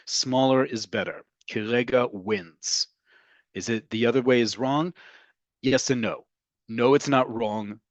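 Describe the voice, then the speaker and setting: Man, language teacher, mid-pitched voice, explanatory, dry recording. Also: no room sound. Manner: explanatory, checks in with "right?" often; slows down to model Hebrew phrases. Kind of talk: online language lesson.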